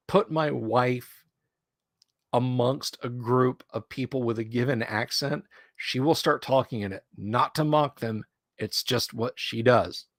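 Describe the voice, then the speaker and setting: A man's voice: medium pitch, dry recording. A middle-aged man streaming, chatting casually and telling rambling anecdotes close to his mic. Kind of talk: casual chat.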